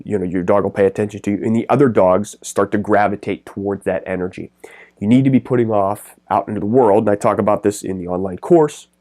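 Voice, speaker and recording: A middle-aged man coaching pet business owners straight to camera, talking in quick, energetic, rambling bursts. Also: fairly low pitch. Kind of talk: direct-to-camera business advice.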